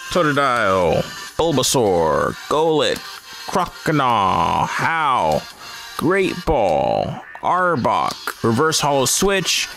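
A man's voice: fairly low pitch, creaky. A man hosting a casual card-opening vlog, chatting and reacting aloud to each card he pulls. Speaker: host of a card-opening channel.

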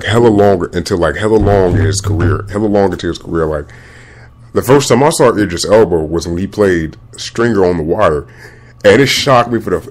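A man hosting a podcast, giving casual, rambling movie commentary full of restarts and slang. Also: sits low. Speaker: podcast host.

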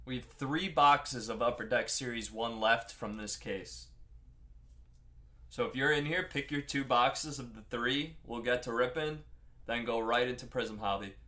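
A man's voice: mid-range voice, measured pace, sharp tone. A young man with a Long Island accent hosting a live card-break stream, chatting casually with viewers by name while opening packs. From Long Island, New York.

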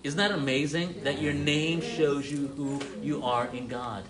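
A man's voice: on the high side, steady tone, a little slow, a crowd in the background. A man preaching an interactive sermon to a congregation, calling on listeners by name, repeating their answers, and often restarting his words. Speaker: pastor teaching a congregation.

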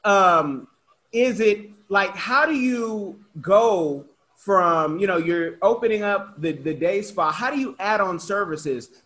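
A man with a notably high speaking voice hosts a podcast interview. He talks in an animated, chatty way, full of asides and quick restarts. He is from Oakland, California. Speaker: podcast host. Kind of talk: casual interview chat.

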